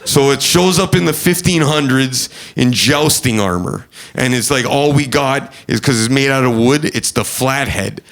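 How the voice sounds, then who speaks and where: A young man doing a stand-up comedy set, neurotic and rambling, with loud outbursts when acting out angry people. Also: mid-range voice, moderate pace, gravelly, hardly any pauses. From Canada. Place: comedy club stage.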